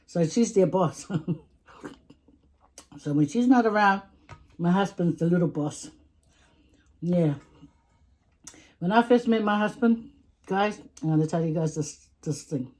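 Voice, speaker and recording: Woman, Samoan English accent, casual storytime vlog, chatty, warm mellow voice. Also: lowish voice, a little slow, pauses often. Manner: chatty, laughs often, repeats words. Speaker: vlogger. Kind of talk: casual storytime chat while eating.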